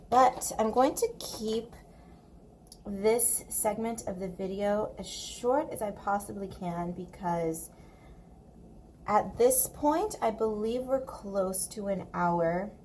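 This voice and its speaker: A woman chats slowly and casually while she colors, recorded at home on a desk mic. Her pitch sits in a middle range, and her manner is playful and unhurried. Faint household noise lies under her voice. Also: a little mellow. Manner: chatty and playful, baby-talks to her pet. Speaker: coloring video creator. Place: home room.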